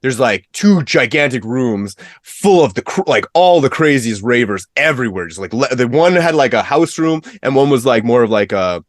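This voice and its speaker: A man's voice: mid-range voice, dry recording. Podcast guy, medium voice, dead dry mic, gets hyped telling stories. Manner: excited storyteller with quick bursts. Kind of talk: casual chat.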